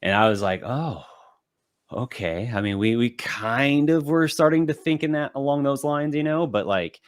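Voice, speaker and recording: A man co-hosting a podcast, chatting casually through an episode recap and acting out character lines in quick bits. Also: mid-range voice, lively intonation, smooth. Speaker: podcast co-host. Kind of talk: casual anime recap chat.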